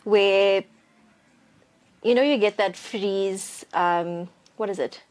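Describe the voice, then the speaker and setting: A woman's voice: mid-range voice, smooth. Chatty young woman co-hosting a podcast. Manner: chatty, reflective, quick to joke. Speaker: podcast co-host. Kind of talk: casual chat.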